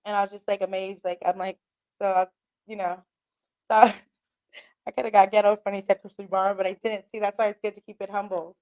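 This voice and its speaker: This radio host chats on her own in a rambling, profane way, laughing a lot as she goes. Her mid-range voice is a little mellow and level, and she talks fairly quickly with frequent pauses.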